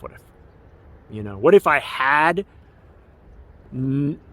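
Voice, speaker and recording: A man in his forties, an activist, delivering an emotional, rambling personal documentary monologue with an aggrieved tone. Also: on the high side. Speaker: activist and filmmaker.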